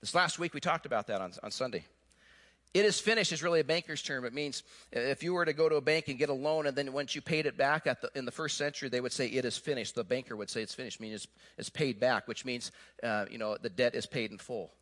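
A man preaching a sermon who tells the story in an animated way, then turns quiet and earnest. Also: medium pitch, quick pace. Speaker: pastor.

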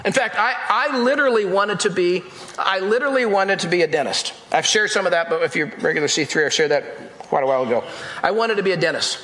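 Speaking directly to his congregation, a male pastor delivers a forceful-minded, emphatic sermon, repeating phrases as he goes. His high voice is animated, a bit bright and quick, captured in an echoey church hall with long reverb.

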